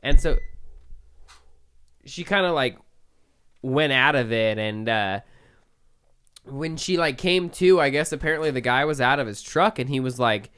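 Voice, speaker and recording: A young man tells a long story on a casual podcast, swearing freely and padding his sentences with "like". His voice sounds smooth and resonant. He talks at an everyday, middle pitch. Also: lively intonation, a little slow, pauses often, fairly bright tone. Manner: profane, rambling with many "like" fillers. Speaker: podcast co-host.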